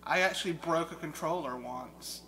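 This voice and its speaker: A young man in a casual chat about video games, an excitable storyteller who mimics game sounds. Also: fairly high pitch, moderate pace. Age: young adult. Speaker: guest. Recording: loud steady hum behind.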